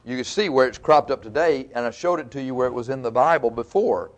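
A man's voice: medium pitch, fast. A man preaching a sermon in a folksy, conversational way, teaching verse by verse with asides to the congregation.

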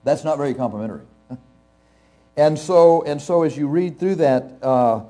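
Pastor guy giving a sermon, talks like he's chatting w the crowd, deep mellow tone, laughs a lot. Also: moderate pace. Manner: conversational and anecdotal, chuckling often; speaks straight to the audience, asks questions. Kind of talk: sermon to a live congregation.

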